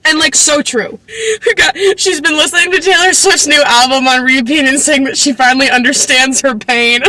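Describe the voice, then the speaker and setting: A woman's voice: high-pitched, moderate pace, bright, forceful tone, slight background noise, rough recording. A young woman casually recapping a novel, chatty and sarcastic, full of "like" and giggling asides. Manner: swears casually. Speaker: book recap vlogger.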